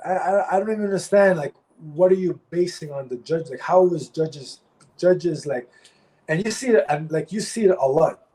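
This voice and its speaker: Male ex-fighter guest, blunt and profane, slightly high voice, repeats himself when angry. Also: normal speed, warm tone, poor audio. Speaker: former pro fighter, guest. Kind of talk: candid interview talk.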